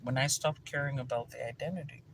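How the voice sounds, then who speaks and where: Energetic man with a Nigerian accent. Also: medium pitch, fast talker, vocal fry, slight background noise. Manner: energetic, animated storytelling with laughter. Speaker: spiritual teacher. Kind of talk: casual teaching talk to viewers.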